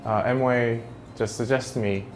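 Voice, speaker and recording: A man from New Zealand answering interview questions in a relaxed way, often repeating words as he looks for how to say things. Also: medium pitch, moderate pace, over music. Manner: hesitant, repeats words while searching for phrasing. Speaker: interview guest.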